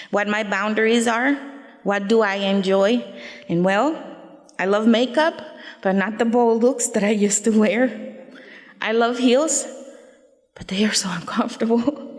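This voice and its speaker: A woman's voice: on the high side, long reverb tail. A woman giving a personal testimony on stage, earnest and reflective, with short faith-filled declarations. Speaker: speaker sharing her story on stage. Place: event venue stage.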